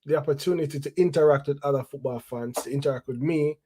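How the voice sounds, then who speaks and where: A man's voice: on the high side, fast, dark tone, breathy edge. Laid-back male football show host. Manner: laid-back, conversational, repeats phrases, sprinkles slang. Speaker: host of a football fan channel. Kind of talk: casual solo talk show.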